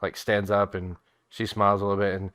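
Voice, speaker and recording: A man narrating a tabletop game as game master, casual and halting, with many fillers and restarts. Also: on the low side, level tone, fairly bright tone, clean tone, no room sound, clean studio sound.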